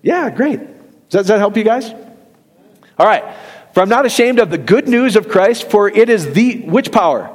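This middle-aged preacher has a high-sitting, animated voice, talking at normal speed with frequent pauses. He keeps his sermon light and chatty, tossing questions to the congregation and chuckling at his own humor, all captured with the long reverb of a church hall.

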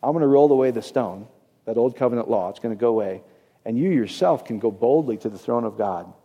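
A man's voice: medium pitch, animated, a little fast, husky, muffled recording. A man preaching a casual, conversational sermon as a pastor, often checking in with his audience. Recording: echoey hall, long reverb.

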